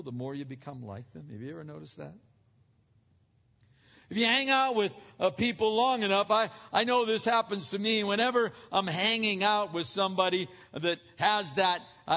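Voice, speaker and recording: High-voiced man preaching in echoing hall. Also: fairly bright tone. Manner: conversational preaching, asks the congregation directly. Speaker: pastor. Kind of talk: sermon. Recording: muffled recording in a reverberant hall.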